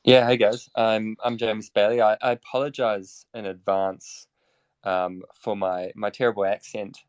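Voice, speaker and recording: Man, New Zealand accent, mumbly, lots of fillers, low voice, dry sound. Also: flat delivery, unhurried, clean tone, no room sound. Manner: mumbly, self-deprecating, filler-heavy. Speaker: guest, operations at an indexer company. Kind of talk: casual online panel talk.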